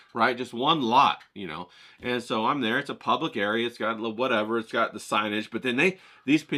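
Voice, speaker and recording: A man's voice: mid-range voice, sharp tone. A man telling a crude comic story in a brash, profane, rambling way, as a vlogger who paints.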